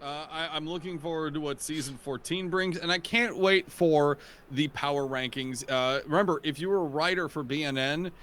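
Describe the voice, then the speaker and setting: A man's voice: a little high, moderate pace, a bit bright. Modest, hesitant male color analyst. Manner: modest, hesitant, filler-heavy. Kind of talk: casual chat on a live sports stream.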